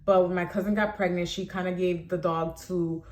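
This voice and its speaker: A young adult woman vlogger telling a personal story in a casual, animated way, filling her talk with "like". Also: lowish voice, moderate pace. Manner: chatty, animated, heavy use of "like".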